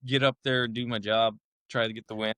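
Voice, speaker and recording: A man's voice: medium pitch, little pitch movement, a little fast, a bit bright, clear, resonant tone, dry recording. A man, an arm wrestler and interview guest, speaking in a plain, matter-of-fact way. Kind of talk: casual interview.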